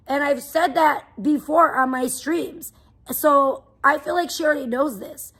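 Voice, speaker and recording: High-voiced woman ranting on a livestream. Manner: profane, venting, rambling. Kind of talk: angry livestream rant. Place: home.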